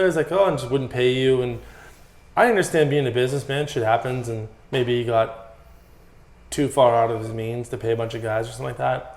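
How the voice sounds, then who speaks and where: A man telling stories in a casual podcast interview, animated and full of swearing and "like"s. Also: medium pitch. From Massachusetts. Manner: profane, animated storytelling with many "like"s. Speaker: guest, former pro BMX rider. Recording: echoey room.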